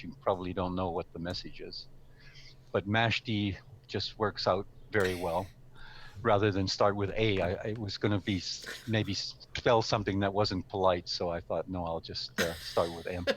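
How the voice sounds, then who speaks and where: A man giving an informal talk in an online meeting, explaining his ideas in a measured way with some fillers. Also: sits low, a little hiss or hum. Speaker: speaking club member presenting.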